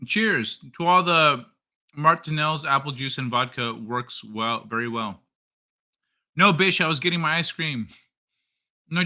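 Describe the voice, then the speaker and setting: Male streamer host with a very bright voice, relaxed and foul-mouthed late-night chat. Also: fairly high pitch. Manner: loose and profane, reading chat aloud.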